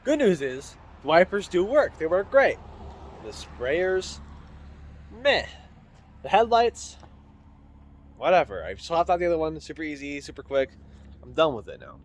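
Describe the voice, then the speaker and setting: A vlogger with a slightly high, very animated voice rambles about himself in a chatty, self-deprecating way while repairing a car in his garage, filming on a handheld phone. He talks at a measured pace with long pauses, and slight background noise is audible.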